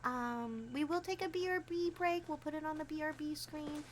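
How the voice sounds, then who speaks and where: A woman streaming a game, chatting casually with her viewers, giggling often and quick to get excited. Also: sits high, slight background noise. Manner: bubbly, giggly, talks to chat. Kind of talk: casual gameplay livestream chat.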